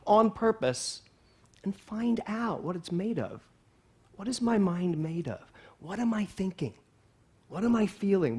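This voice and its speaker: A man in his sixties, serving as a church minister, delivers an animated sermon that swings between soft passages and loud exclamations. His voice sits a little high.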